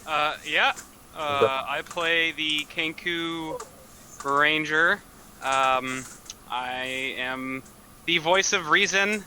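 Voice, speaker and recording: Guy talking real slow and halting, very bright thin tone, faint hiss behind. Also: on the high side. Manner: hesitant, soft-spoken. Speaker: player. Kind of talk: casual chat over a tabletop game.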